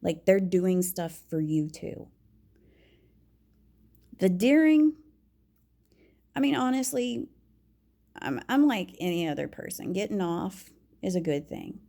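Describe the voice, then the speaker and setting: A woman vlogger speaks frankly and confidingly about herself in a personal monologue, restarting haltingly and dropping to a whisper when quoting herself. Her voice is medium-pitched, mellow, and has vocal fry.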